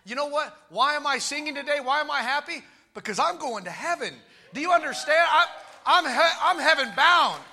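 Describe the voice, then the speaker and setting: A man preaching with exuberant shouting and calling out to his congregation. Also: extremely high pitch, animated, a little fast. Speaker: pastor. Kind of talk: sermon.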